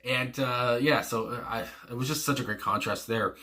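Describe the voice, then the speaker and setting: Bright-voiced man rambling on. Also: medium pitch, moderate pace. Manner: rambling, full of fillers and casual swearing; enthusiastic, fond. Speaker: music reaction host. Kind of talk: casual reaction commentary.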